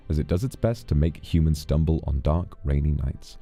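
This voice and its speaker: A man's voice: very deep voice, steady tone, a little fast, hardly any pauses, warm tone, soft background music. A British man chatting casually on a stream, rambling and swearing freely as he tells stories.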